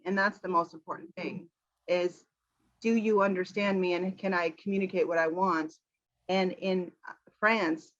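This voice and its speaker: An American woman, an English teacher, chatting casually about a film with animated quoting. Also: mid-range voice, dull audio. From United States. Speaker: English teacher, channel host.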